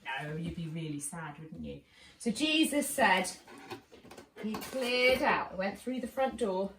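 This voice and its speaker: A woman leading a children's church session, telling a Bible story with lively voices and asking the children questions. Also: mid-range voice, takes it slowly. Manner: animated, asks children questions, acts out lines. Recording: roomy and distant with faint noise.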